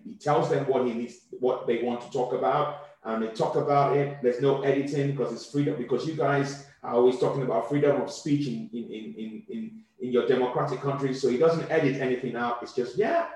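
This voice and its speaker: A man from Nigeria, a comedian speaking as a guest in a casual interview, quick and animated, often repeating words as he thinks. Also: medium pitch. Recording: very echoey room.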